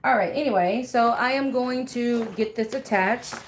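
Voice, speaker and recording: A woman's voice: a little high, moderate pace, slight background noise. A woman in her thirties chatting casually with viewers while she sews at home, laughing often and talking to them by name. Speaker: bag maker live-streaming while sewing. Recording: echoey room.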